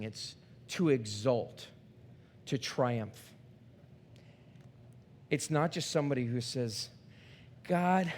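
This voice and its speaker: A middle-aged man preaching a sermon in a church, his voice swinging from quiet to shouting, often repeating words as he thinks. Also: high-pitched. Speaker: pastor. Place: church sanctuary.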